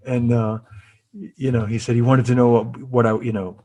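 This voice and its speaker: A man's voice: mid-range voice, little pitch movement, normal speed, warm tone. A middle-aged man being interviewed as a guest, telling long stories with many restarts and asides. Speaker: interview guest, former cymbal company artist relations. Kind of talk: casual interview storytelling.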